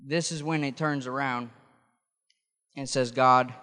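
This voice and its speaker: Male preacher, conversational sermon delivery, mid pitch, smooth and resonant voice. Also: fairly even intonation, slow, long pauses, bright, forceful tone, big-room sound. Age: adult. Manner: conversational, explanatory, with restarts.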